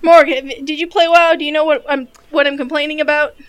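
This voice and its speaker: A woman's voice: sits high, steady tone, brisk, a bit bright. A woman in a casual gaming chat over a call, talking bluntly and swearing as she vents. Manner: blunt, swears when venting.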